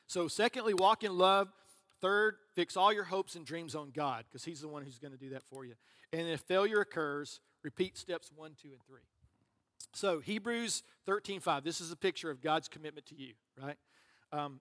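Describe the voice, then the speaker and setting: A man's voice: sits high, normal speed, a bit bright. A man preaching a sermon as pastor, conversational and joking, with asides to the congregation. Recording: long reverb of a large hall.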